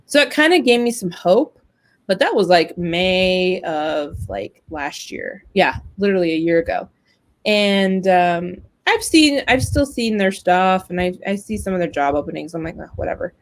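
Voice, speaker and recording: A woman's voice: lowish voice, lively intonation, a little slow, rough recording. A woman hosting a casual web talk show, telling a long story about job hunting, chatty and full of fillers. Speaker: host. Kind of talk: casual chat.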